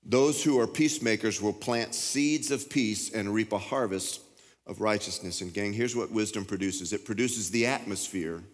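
A man with a Texan accent preaching a sermon as pastor, with emphatic, impassioned delivery that jumps up in pitch when he gets revved up. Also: moderate pace, faint music behind. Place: large church hall. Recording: reverberant church hall.

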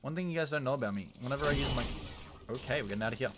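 A young man commentating his own live gameplay, jumping between loud yelps and low muttering. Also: racing. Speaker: livestreamer. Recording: noisy home stream mic with key clicks.

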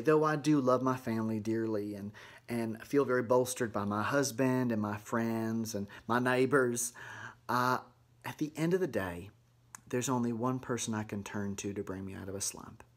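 A man's voice: medium pitch, moderate pace, lightly acted. A man playing a sugary mom vlogger. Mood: chatty. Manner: chirpy, sweet, folksy, with casual deadpan dark asides. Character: sugary Southern mom vlogger woman, middle-aged, eerie. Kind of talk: comedic vlog monologue to camera.

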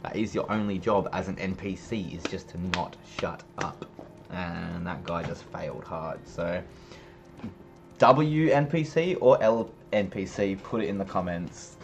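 A man's voice: deep voice, unhurried, faint music behind. A young man giving casual, joking commentary while streaming a game, swearing now and then.

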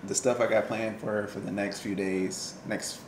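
A man's voice: on the low side, level tone, moderate pace, reverberant, background noise. A man chatting casually for his wife's vlog, laid-back and joking with slang. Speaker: vlogger's husband. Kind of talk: casual chat.

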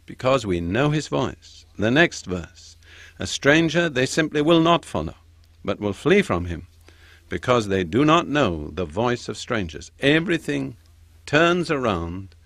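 An older man giving a Bible teaching, slowing down to stress each quoted verse. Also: medium pitch, a bit bright, dry recording. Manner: slows down and stresses quoted scripture. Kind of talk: sermon-style Bible teaching.

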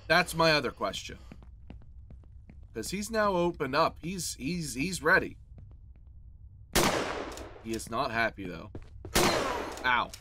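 Jumpy, lively gaming commentator man. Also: on the high side, a little hiss or hum. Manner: jokey, talks to the enemy, yelps when hit. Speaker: gaming channel host. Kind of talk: horror game let's play commentary.

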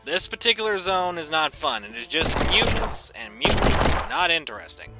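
A man giving goofy, excitable gameplay commentary, breaking into shouted bits. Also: on the high side, moderate pace. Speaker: gaming YouTuber. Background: game music.

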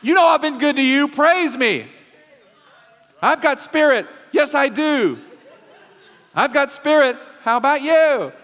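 A pastor putting on God as a high, shouting cheerleader who hypes up the crowd. The voice rings out big and loud, with a long echo trailing through a large hall. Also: male voice, animated, a little slow, pauses often, heavily acted. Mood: cheering.

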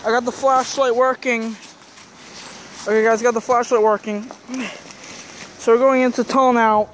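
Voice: medium pitch, little pitch movement, normal speed, a little hiss or hum. A vlogger nervously narrating a casual exploration inside a wet, icy tunnel, hesitant and full of fillers. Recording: loud music over the voice.

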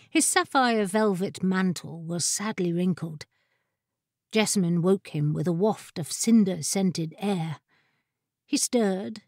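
In studio quality with no room sound, a woman reads a fantasy audiobook script in a mid-range voice. Her narration is measured and expressive, in a storyteller's manner.

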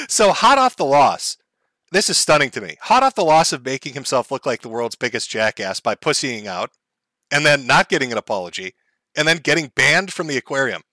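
A man's voice: mid-range voice, big pitch swings, moderate pace, bright, forceful tone, no room sound. A man hosting a comedic commentary show, mocking and profane, often laughing at his own jokes. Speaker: commentary host.

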